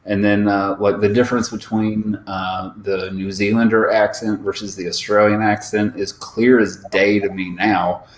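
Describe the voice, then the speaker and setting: Low-voiced man in an echoey room. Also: level tone, normal speed, hardly any pauses. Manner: rambling, filler-heavy, profane. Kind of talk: casual chat. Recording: roomy room with faint ambience.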